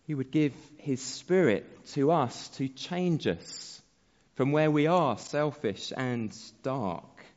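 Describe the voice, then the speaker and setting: A man preaching a sermon as pastor, slow and measured, letting his phrase endings fall soft. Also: medium pitch, lively intonation. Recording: dull sound with long hall reverb.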